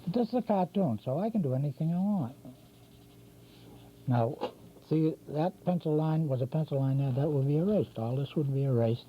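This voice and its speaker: Speaking at a normal pace in a fairly high voice, an older drawing instructor talks his way through a cartoon demonstration, rambling and self-correcting as he draws. It's set in a local TV studio, captured in dull lo-fi 1990s community TV audio with a faint hum.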